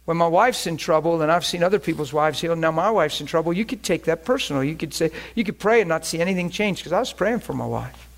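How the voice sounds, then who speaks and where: Male pastor, slightly high pitch, conversational emphatic teaching sermon. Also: quick pace.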